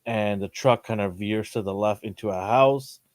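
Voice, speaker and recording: A man in casual chat, retelling scenes with lively acted-out quotes. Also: normal speed, no room sound, studio quality. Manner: animated storyteller, acts out lines with jumps in pitch. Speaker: podcast co-host. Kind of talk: casual chat recapping a TV episode.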